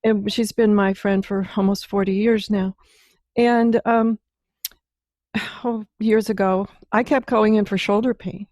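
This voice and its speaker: A woman's voice: medium pitch, fairly even intonation, measured pace, a little mellow, no room sound, studio quality. Effusive woman podcast host. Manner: effusive, exclaims wow, asks long rambling questions. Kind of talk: podcast interview.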